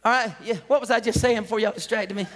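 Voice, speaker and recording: Man, pastor, animated sermon, hollering, tense bright voice, reverberant sanctuary. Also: sits high, fast, slight background noise. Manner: hollering, animated, laughing often. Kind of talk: energetic comedic sermon. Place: church sanctuary. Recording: long hall reverb.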